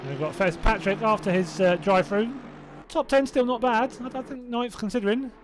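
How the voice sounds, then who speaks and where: A man's voice: high voice, a little fast, noisy background. A man from Hertfordshire with a southern English accent commentating a sim race live, chatting and rambling with viewers between calls. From Hertfordshire, England. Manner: chatty and rambling, self-doubting asides, laughing to himself.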